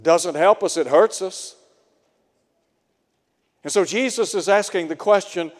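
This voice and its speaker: Slow-preaching man in a reverberant hall. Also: sits high. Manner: slow, earnest preaching with rhetorical questions. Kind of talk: sermon.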